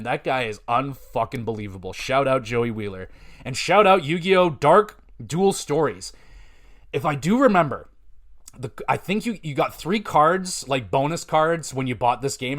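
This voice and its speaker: A man, hosting a podcast and telling rambling, profane, animated stories. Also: medium pitch. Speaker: podcast host. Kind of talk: casual storytelling.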